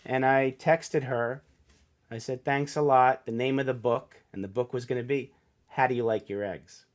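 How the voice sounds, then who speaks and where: A man's voice: mid-range voice, fairly even intonation, moderate pace. Earnest middle-aged man telling his story. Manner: earnest, emotional, acts out quoted voices. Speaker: podcast guest, author. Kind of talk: casual storytelling interview.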